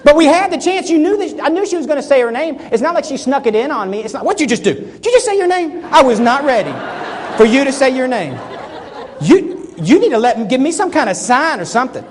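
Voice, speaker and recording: Guy doing a keynote on stage, super animated, voice jumps all over. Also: extremely high pitch, fairly quick, a faint crowd. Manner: animated, acts out little scenes in quoted voices. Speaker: keynote speaker. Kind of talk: energetic keynote talk. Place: stage before a live audience.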